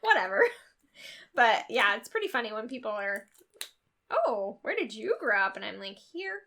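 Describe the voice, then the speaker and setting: A woman's voice: mid-range voice, very animated, normal speed, sharp tone. A woman from Northern California, a mom and podcast co-host, chatting casually and laughing often. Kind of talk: casual chat.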